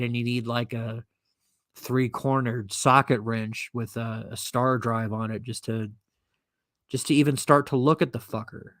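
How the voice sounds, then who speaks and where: A man's voice: medium pitch, a bit bright, no room sound, studio quality. A man hosting a podcast and ranting alone, sarcastic, profane and indignant as he reads from and mocks an article. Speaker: podcast host. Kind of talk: solo commentary rant.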